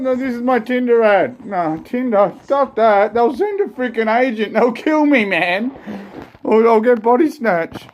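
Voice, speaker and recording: Rambling high-voiced man vlogging on his phone. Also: measured pace, dull audio, a little hiss or hum. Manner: rambling, jumpy, talks straight to his viewers. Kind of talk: rambling casual phone vlog.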